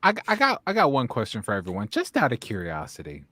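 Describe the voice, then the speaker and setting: Playful male host, lively dry voice. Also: medium pitch, fast talker, no echo. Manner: playful, asks questions and repeats others' phrases. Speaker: podcast host. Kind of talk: casual chat.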